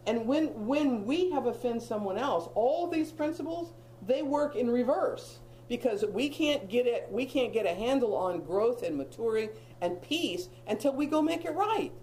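A woman's voice: fairly high pitch, animated, moderate pace, hardly any pauses, warm tone, slight background noise, rough recording. Emphatic woman teaching a Bible study. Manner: emphatic, repeats phrases, humorous asides. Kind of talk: teaching talk to a group.

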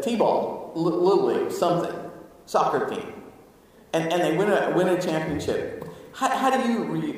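A man preaching a sermon to his congregation, animated, moving between hushed asides and loud exclamations. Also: on the high side. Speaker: pastor. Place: church sanctuary. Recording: echoey hall, mic at a distance.

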